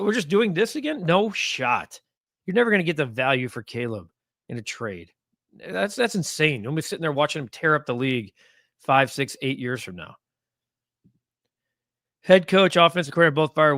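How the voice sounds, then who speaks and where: A man's voice: medium pitch, dry recording, clean studio sound. A man hosting a casual live sports talk stream, reading comments and getting heated as he rants. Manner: animated, gets heated and rants.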